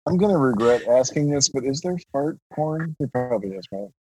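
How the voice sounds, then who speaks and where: A man's voice: mid-range voice, animated, fairly quick, dark tone, a little hiss or hum, poor audio. A man taking part as a contestant in a casual quiz game with friends, joking and laughing easily.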